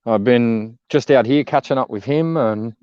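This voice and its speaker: A man's voice: medium pitch, moderate pace, darkish tone, clean tone, dry recording, muffled recording. A man with an Australian accent chatting casually as a guest on a live stream, laid-back and laughing often. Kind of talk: casual chat.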